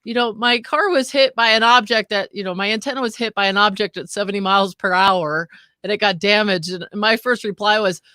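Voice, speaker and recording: A woman's voice: medium pitch, brisk, bright, forceful tone, no echo, clean studio sound. A woman hosting a casual show, reading out viewer comments and laughing along. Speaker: host. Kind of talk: casual chat.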